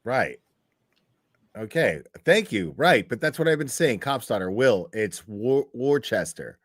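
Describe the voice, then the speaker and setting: Animated man reacting to live chat. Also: mid-range voice, a little slow, no room sound, clean studio sound. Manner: animated, swearing, repeating words for chat. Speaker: livestream host. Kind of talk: casual reaction commentary.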